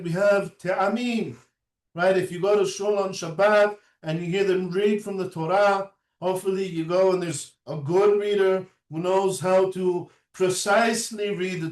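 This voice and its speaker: Man, lecturer, high voice, keeps asking "right?", echoey room, mic set back. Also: distant mic. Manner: unhurried, often adds a questioning "right?" and "uh". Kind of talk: recorded lecture.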